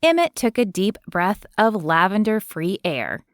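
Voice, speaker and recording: Woman narrator for a romance audiobook, lively pitch, dry close-miked studio sound. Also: unhurried, no echo. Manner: expressive, even storytelling.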